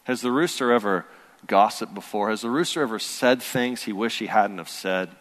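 A man in his thirties, a pastor, preaches a sermon in a conversational, storytelling manner that builds toward earnest emphasis. His voice is on the low side and fairly bright, at a normal speed, with a long hall reverb on the recording.

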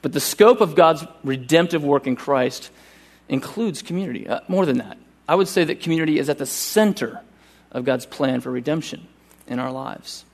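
A male pastor preaching a sermon at a church service with earnest urgency, slowing down to read scripture deliberately. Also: fairly high pitch.

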